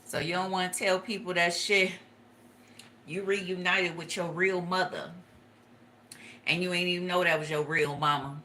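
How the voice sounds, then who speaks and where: A woman gives an animated, foul-mouthed tarot reading and often breaks into laughter. Her voice sits a little low but sounds bright and sharp. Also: moderate pace, pauses often, a little hiss or hum. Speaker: tarot reader.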